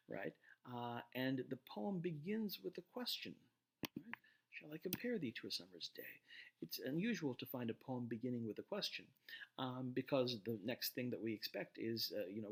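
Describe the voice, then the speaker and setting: A man lecturing to a class at a middle pitch, explaining step by step. He often pauses, restarts his words and checks in with the listener. The tone is plain and instructive. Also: fairly bright tone, a little hiss or hum. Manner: explanatory, frequent fillers and restarts, asks "right?".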